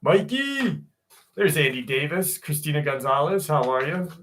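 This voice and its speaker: This livestream host is a man in his forties whose voice runs a little high, brisk and fairly bright. He chats casually, greets viewers by name, swears freely and reads listener stories aloud.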